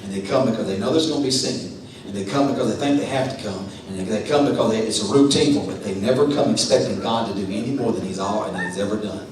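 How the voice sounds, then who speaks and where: A man preaching a sermon as pastor, telling a story in a low voice and then building to loud, chanting, sing-song preaching. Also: quick pace, hardly any pauses, far from the mic, background noise. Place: church sanctuary. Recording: echoey church from afar with music.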